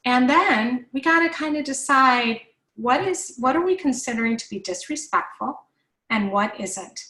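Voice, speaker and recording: A woman in her forties with a fairly high, bright voice leads a live parenting workshop. She answers questions in a chatty, reassuring way, full of ums and restarts, and the room around her sounds echoey. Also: expressive, moderate pace.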